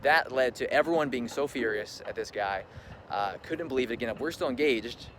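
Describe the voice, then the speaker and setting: A man's voice: medium pitch, brisk. A young man telling a personal story in a casual vlog, chatty and full of "like", acting out what people said. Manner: chatty, full of "like", acts out quoted talk. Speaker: vlogger. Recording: loud background ambience noise.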